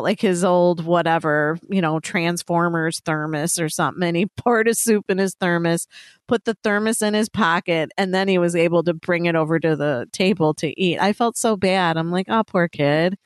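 A woman's voice: fairly low pitch, fairly even intonation, normal speed, no echo, studio quality. A middle-aged woman co-hosting a podcast, telling stories in a chatty way and laughing often. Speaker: podcast co-host. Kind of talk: casual chat.

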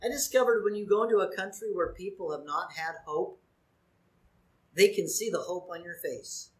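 A man's voice: high-pitched, moderate pace. A man, a pastor, preaching a sermon and asking his congregation questions. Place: church sanctuary. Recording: echoey church room.

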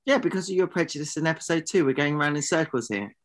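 A man's voice: a little high, lively intonation, quick pace. A man co-hosting a comedy podcast, rambling and arguing indignantly. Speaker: podcast co-host.

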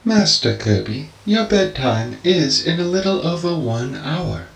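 A man voicing a calm, polite robotic butler with a formal, gentle manner. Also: fairly high pitch, measured pace, echoey room, a little hiss or hum, voice pushed up.

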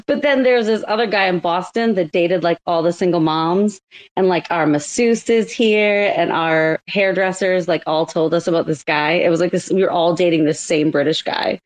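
A woman's voice: fairly low pitch, darkish tone. Chatty Boston-woman host, laughing. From Massachusetts. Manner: laughing, storytelling, lots of "like". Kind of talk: casual chat.

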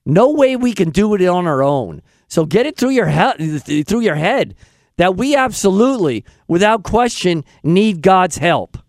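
A man hosting a radio show, talking in an excitable, self-deprecating way. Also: sits high, measured pace, dry recording, clean studio sound. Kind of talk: casual radio chat.

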